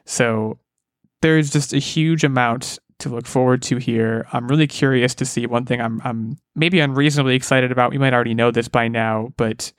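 Eager and rambling, this podcast co-host and game expert keeps restarting his sentences in a casual chat. He has a medium-pitched voice, and the studio recording is clean with no echo.

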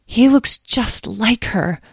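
An excitable young woman who adores dragons, her voice lifted higher and tumbling over itself, as a woman reads her in a storybook. Gentle at heart, a little breathless, recorded dry and close. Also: a little slow, no room sound. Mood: eager. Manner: breathless, gushing.

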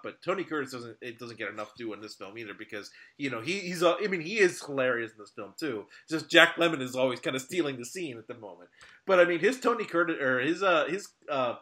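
A man co-hosting a podcast, talking casually about classic films with halting restarts and frequent laughter. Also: fairly high pitch, lively intonation, fairly bright tone. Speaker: podcast co-host. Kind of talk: casual film discussion.

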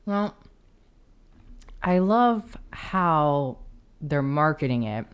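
A woman with a notably deep voice for a woman, chatting on a podcast. She agrees easily and hesitates now and then, with an easy, giggly manner. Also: very animated, extremely slow, clean tone. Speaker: podcast co-host. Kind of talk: casual chat.

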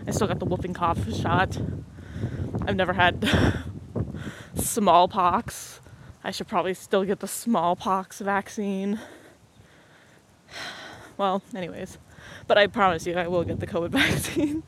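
A woman's voice: medium pitch, takes it slowly, long pauses. A young woman hosting a solo podcast. She has a cold, is out of breath while walking outside, and rambles in a joking, self-deprecating way. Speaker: podcast host. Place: outdoors on a windy street while walking. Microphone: headset mic on headphones. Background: passing cars and wind.

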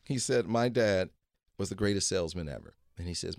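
A man's voice: low voice, a little fast, darkish tone, dry recording, clean studio sound. A man telling a long story as a guest, acting out other people's lines in his own voice and repeating "he goes". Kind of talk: casual storytelling.

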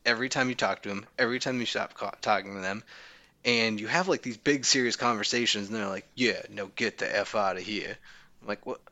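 A man co-hosts a gaming podcast in loose, joking chat. His low voice comes out bright and forceful, with a wry edge. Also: fast, highs cut off. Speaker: podcast host. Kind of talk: casual chat.

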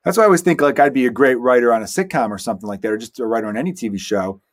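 A man who is a stand-up comedian, hosting his own solo podcast and telling stories in a rambling, animated way with quick asides. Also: mid-range voice. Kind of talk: casual solo podcast monologue.

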